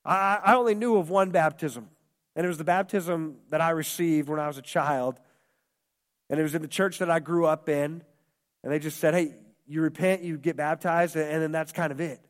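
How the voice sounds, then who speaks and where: High-voiced pastor preaching in a reverberant hall. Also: male voice, steady tone, moderate pace. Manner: impassioned, repetitive preaching with quoted voices. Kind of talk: sermon. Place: church hall.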